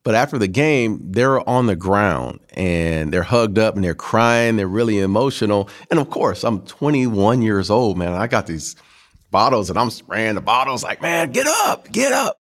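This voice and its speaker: Man in his fifties, low voice, animated storyteller, acts out quotes, casual interview. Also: normal speed. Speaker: former pro football player, guest.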